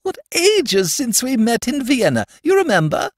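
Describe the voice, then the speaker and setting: A man voicing a gushing middle-aged society woman in a high, effusive voice. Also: huge pitch swings, a little slow, no room sound, studio quality, full character voice.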